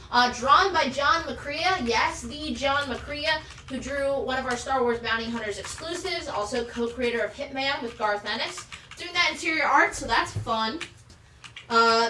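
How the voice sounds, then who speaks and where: Bright, high woman selling comics live. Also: recorded from a distance. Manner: enthusiastic, chatty, rattles off item details. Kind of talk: live sales pitch. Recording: roomy, off-mic, faint background noise.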